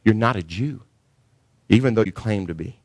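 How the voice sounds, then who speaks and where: A man's voice: on the low side, moderate pace, darkish tone, dry recording. A man pastor delivering a sermon to his congregation, preaching emphatically and rising sharply when he stresses a point.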